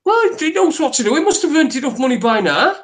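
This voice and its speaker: A man co-hosting a talk show, ranting in sweary, animated bursts with lots of restarts. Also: very high voice, fast talker. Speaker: podcast co-host. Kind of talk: ranting opinion chat.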